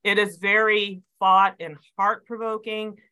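A woman's voice: medium pitch, level tone, unhurried, bright, forceful tone, smooth, rough recording. A woman in a prayer group speaking enthusiastically in casual chat, with many fillers.

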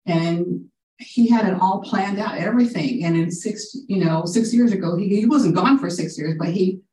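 A woman sharing a personal faith testimony, halting, with fillers and restarts. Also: on the low side, dark tone, slight background noise. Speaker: prayer group member sharing a testimony. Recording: echoey room, from a distance.

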